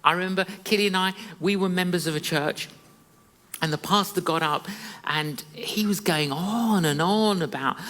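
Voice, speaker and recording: A preacher tells a story in a lively, joking, conversational manner, at a mid pitch. The voice rings through a church hall with a long reverb behind it. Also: normal speed. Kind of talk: sermon storytelling.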